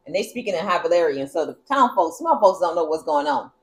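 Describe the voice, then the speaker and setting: A woman co-hosting a comedic TV recap, telling the story in a joking, animated way. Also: lowish voice, fast talker. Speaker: co-host.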